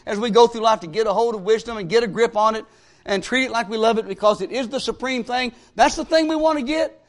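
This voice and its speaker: High-voiced folksy preacher. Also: male voice. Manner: folksy storytelling, emphatic rises and sudden drops. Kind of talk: sermon with personal stories.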